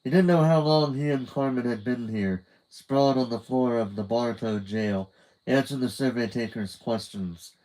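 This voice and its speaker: A man's voice: medium pitch, moderate pace, mellow, rough recording. A man narrating a children's book in a live reading. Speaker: reader.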